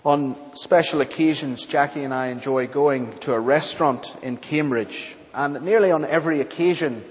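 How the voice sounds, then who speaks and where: A man preaching a sermon and leading a closing prayer in a church, with an earnest, measured delivery and deliberate pauses. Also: fairly high pitch. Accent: not English. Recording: dull lo-fi church recording with long reverb.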